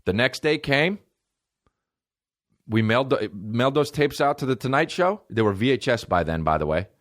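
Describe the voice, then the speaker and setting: A man hosting a podcast, telling comedic stories in a profane, animated way and acting out the people he quotes. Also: mid-range voice, normal speed. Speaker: podcast host. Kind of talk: comedic storytelling.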